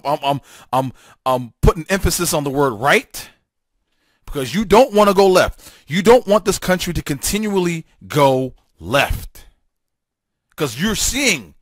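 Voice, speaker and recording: A man's voice: fairly high pitch, no echo, studio quality. Fiery, emphatic male talk host. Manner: fiery, emphatic and repetitive, with stammered restarts. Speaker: political talk show host. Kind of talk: solo talk radio monologue.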